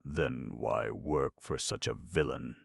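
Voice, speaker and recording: A man reading a storybook, voicing a stubborn, gruff male royal ox that blusters and refuses to budge. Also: rumbling low, slow, dry recording, studio quality, heavily acted.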